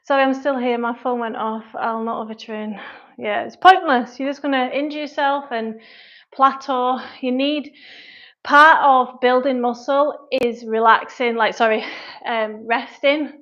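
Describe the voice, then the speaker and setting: A woman with a Mancunian-Lancashire accent coaches her viewers through a live workout, chatting and sighing as she goes. She sounds winded from the effort, and her voice sits a little high. The stream audio is dull and lo-fi. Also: fairly even intonation, unhurried, fairly bright tone. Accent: Mancunian-Lancashire English. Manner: chatty, puffing and sighing between sets. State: out of breath from exercise. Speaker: personal trainer and online fitness coach.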